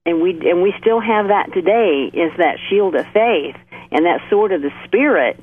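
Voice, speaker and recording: Earnest middle-aged woman talking faith on the show, lowish voice, sounds like she's on the phone. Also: lively intonation. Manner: earnest, measured, builds repeated phrases. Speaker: co-host of a Christian talk show. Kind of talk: faith talk, testimony. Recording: tinny phone line.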